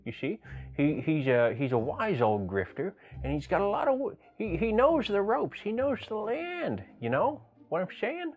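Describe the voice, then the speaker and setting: A man's voice: high voice, wildly swooping pitch, normal speed, voice pushed up, heavily acted. A man doing a wise old hobo grifter. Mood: knowing. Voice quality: lips pulled to the side, lopsided mumble. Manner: rambling, folksy advice.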